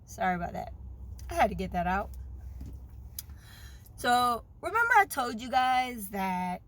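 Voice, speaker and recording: A woman's voice: on the high side, lively intonation, measured pace, fairly bright tone. Earnest woman vlogging candidly. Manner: open and earnest, retelling events with feeling. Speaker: vlogger sharing a fertility journey. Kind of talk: candid personal vlog.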